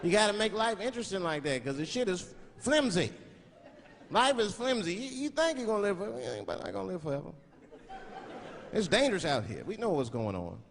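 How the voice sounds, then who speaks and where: Profane, animated male stand-up comic. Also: high voice, brisk. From Washington, D.C. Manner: animated, profane, switching into voices. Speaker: stand-up comedian. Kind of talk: stand-up comedy. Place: large theater stage. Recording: echoey hall, loud crowd laughter.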